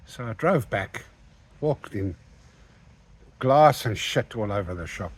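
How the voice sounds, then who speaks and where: Brief: older man, husky voice, lively storyteller with a wide-swinging pitch. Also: slow. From South Africa. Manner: animated, acts out the quoted lines. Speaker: interview guest. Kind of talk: anecdotal storytelling.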